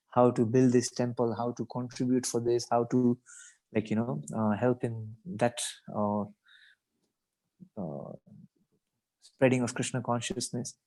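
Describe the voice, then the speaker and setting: A man speaks in a reflective devotional talk at a scripture reading. His voice is mellow and dark in tone. He talks thoughtfully, wanders between points and often fills with "you know". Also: mid-range voice, little pitch movement, a little slow, long pauses, poor audio. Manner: thoughtful, rambling, many "you know" asides.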